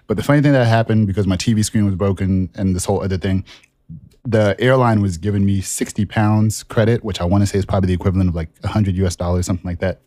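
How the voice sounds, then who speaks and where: A podcast co-host with a fairly low voice talks fast, telling a long personal story in casual conversation. He's animated and self-mocking, often laughing at his own clumsiness. The sound is close and dry, with virtually no room ambience.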